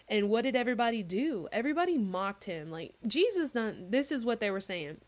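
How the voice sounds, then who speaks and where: A woman in her thirties preaching in a casual, chatty way, earnest and animated as she acts out little dialogues. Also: a little high, brisk, few pauses. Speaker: Christian podcast host. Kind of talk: informal preaching monologue.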